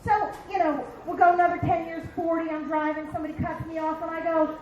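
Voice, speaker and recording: A very high-pitched woman in her fifties, from Philadelphia, works a stand-up crowd with a brash, profane, punchy delivery. Her voice rings through an echoey dive bar room, picked up by a handheld stage mic. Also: flat delivery, fast talker, hardly any pauses, a little mellow, muffled recording, slight background noise. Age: 50s. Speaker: stand-up comedian. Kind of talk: stand-up comedy set.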